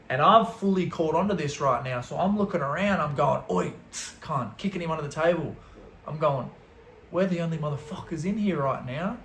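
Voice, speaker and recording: Slangy man telling a story, echoey room. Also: a little high. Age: young adult. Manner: animated, slangy, swearing. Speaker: vlogger. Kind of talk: storytelling vlog.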